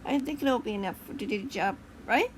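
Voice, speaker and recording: A woman's voice: fairly high pitch, lively intonation, fairly quick, a little hiss or hum, natural voice. A woman voicing a young female villain inventor who sounds curious and eager to please. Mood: hopeful. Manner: hopeful, curious.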